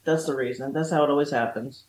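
Female interview guest, earnest and plain-spoken, lower voice, recorded in a roomy space. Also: fast talker, a little mellow. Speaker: psychic medium guest. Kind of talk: casual interview chat. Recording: echoey room.

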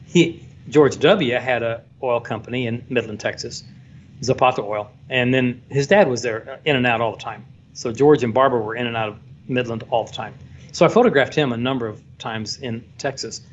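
A man working as a photographer, telling a story in a casual, animated way and acting out the voices of the people in it. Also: medium pitch, a little fast. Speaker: photographer guest. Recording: dull lo-fi sound, faint background noise.

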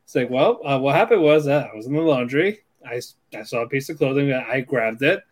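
A man's voice: mid-range voice, lively intonation, a little fast. A man co-hosting a podcast, casually rambling through an anime plot recap and quoting the characters. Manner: rambling retelling with fillers and quoted lines. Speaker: podcast co-host.

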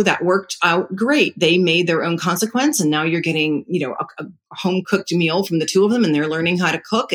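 Using anecdotes about their own household, a middle-aged parenting advisor talks informally, keeping a calm, even tone. Their voice sits at medium pitch.

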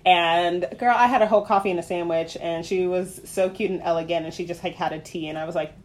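A woman co-hosting a podcast in casual chat, telling stories animatedly and acting out quotes in a high voice. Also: fairly even intonation, fast talker. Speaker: podcast co-host.

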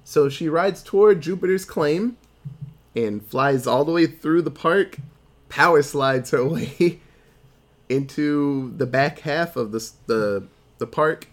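A man on a podcast casually retelling a film's plot and putting on quick voices for the characters. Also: fairly high pitch. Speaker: podcast co-host. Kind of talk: casual movie recap.

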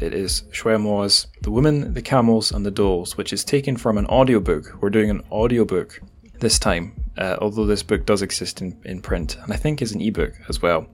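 A man with a Scottish accent hosting a podcast, talking casually and poking fun at himself. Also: on the low side. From Scotland. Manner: chatty, self-deprecating, with frequent restarts and asides. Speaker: podcast host.

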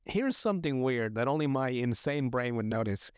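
A man's voice: mid-range voice, lively intonation, moderate pace, clear, resonant tone, no echo, clean studio sound. A young man hosting a podcast, chatting casually and crudely with lots of swearing, restarts and fillers. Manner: crude, swears often, rambling with many restarts. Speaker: podcast host. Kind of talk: casual chat recapping a TV episode.

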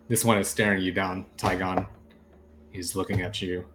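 A man's voice: low-pitched, flat delivery, normal speed, noisy background. A man narrating as game master, loose and laughing, with many fillers.

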